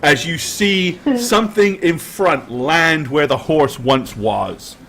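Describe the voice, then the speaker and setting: A young man runs the table as game master, his voice sitting a touch higher than most men's. He lingers over vivid descriptions, slowing down and filling pauses with ums as he sets the scene. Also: lively intonation, fairly bright tone, slight background noise.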